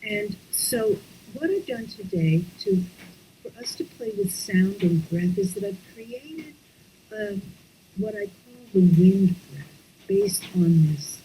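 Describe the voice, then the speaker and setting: A woman leads an online breathing lesson in an unhurried, gentle voice that keeps slipping into whispers. Her tone is mellow and warm. A faint hiss sits under her computer-mic sound. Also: medium pitch, big pitch swings, rough recording. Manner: slow, soft-spoken, drifting into whispers. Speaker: breathwork teacher. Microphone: online class, computer mic.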